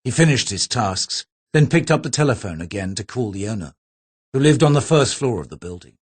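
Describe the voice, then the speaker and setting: Husky male audiobook narrator. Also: mid-range voice, sing-song, fairly quick. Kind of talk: scripted narration.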